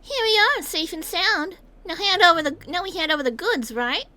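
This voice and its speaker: A woman doing a high, bouncy tough-guy cart driver. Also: animated, moderate pace, pushed and bright, exaggerated voice. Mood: cheerful. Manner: folksy, drawling tough-guy talk. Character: boisterous male cart-driving gang member. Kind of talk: reading game dialogue aloud.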